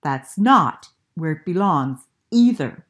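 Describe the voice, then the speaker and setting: A woman reading aloud, voicing an annoyed father turtle in a storybook with a lowered, stern voice. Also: lively intonation, takes it slowly, highs cut off.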